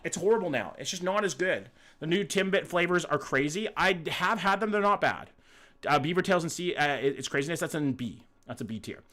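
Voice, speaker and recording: A man's voice: on the high side, expressive, fairly quick, sharp tone. Blunt Canadian man chatting on stream. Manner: blunt, swears freely, reads and answers chat. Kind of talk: casual live-stream chat.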